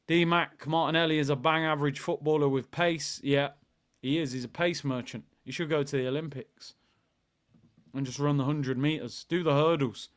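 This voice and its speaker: Hosting a live football watchalong, a young man speaks in a bright, high register at normal speed. He chats casually with viewers, and his excitable tone bursts into shouts when goals come or the action heats up.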